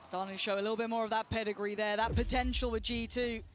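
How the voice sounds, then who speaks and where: A man doing excitable play-by-play commentary on an esports match, shouting at the big plays. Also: high-pitched, fast talker, slight background noise. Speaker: esports caster.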